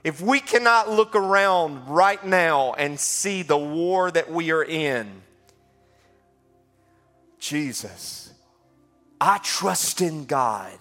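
A man's voice: fairly high pitch, animated, extremely slow, pauses often, pushed and bright, soft background music. A middle-aged man, a pastor preaching a passionate call-and-response sermon in a church. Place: church sanctuary.

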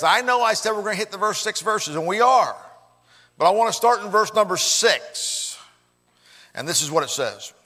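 A man preaching a sermon as pastor, swelling loud for emphasis and then dropping low. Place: church. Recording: echoey church hall.

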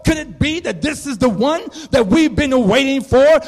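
A male preacher delivering a sermon, moving from measured storytelling to fervent, shouted proclamation. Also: extremely high pitch, expressive. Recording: long reverb of a large hall.

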